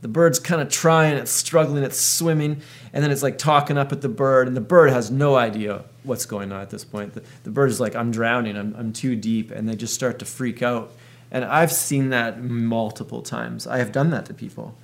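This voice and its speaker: A man's voice: mid-range voice, steady tone, normal speed, gravelly. A man in his thirties thinking aloud in a reflective monologue, working through an analogy as he goes. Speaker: video host.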